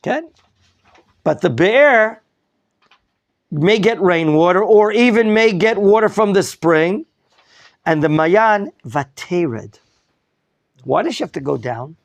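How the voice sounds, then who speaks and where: A man teaching a Torah class with a somewhat high voice and a gravelly, fry-laced texture. He questions his students and corrects their reading as he goes. The sound is close and dry. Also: takes it slowly, long pauses, no echo. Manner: lively teacher, quizzing students, mixing in Hebrew terms. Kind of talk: classroom Bible lesson.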